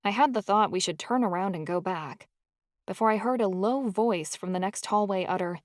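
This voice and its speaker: A woman's voice: medium pitch, moderate pace, no room sound, studio quality. A woman reading a first-person novel aloud as an audiobook narrator, in a storytelling delivery.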